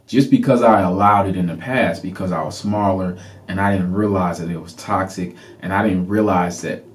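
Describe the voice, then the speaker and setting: A man hosting a podcast, telling a personal story in an animated way and acting out the people in it. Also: low-pitched, moderate pace. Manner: animated, laughing, reenacts people. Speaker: podcast host.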